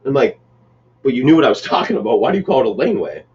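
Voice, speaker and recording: Fast-talking joking man, off mic. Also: mid-range voice, sing-song, darkish tone, distant mic, slight background noise. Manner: fast, joking, profane storyteller. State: tipsy. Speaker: podcast host. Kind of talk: casual chat. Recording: dull sound from off mic.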